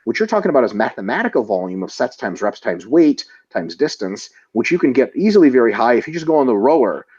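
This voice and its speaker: A man answers viewer questions in a laid-back, profane, joking webinar Q&A he co-hosts, laying out training plans step by step with blunt, freely sworn answers. His mid-range voice swings widely in pitch, and he talks fast with few pauses. The tone is a little mellow and husky, with the highs cut off.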